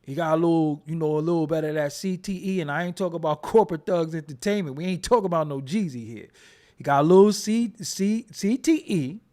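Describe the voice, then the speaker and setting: A man's voice: a little high, fast talker, warm tone. A man hosting a casual commentary show, joking and riffing in slangy with frequent laughs. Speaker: host.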